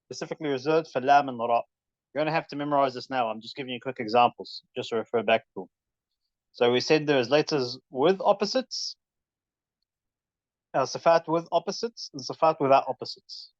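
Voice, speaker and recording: A man's voice: mid-range voice, no echo, muffled recording. A man teaching a casual recitation lesson, demonstrating letter sounds aloud as he explains. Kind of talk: informal tajweed lesson.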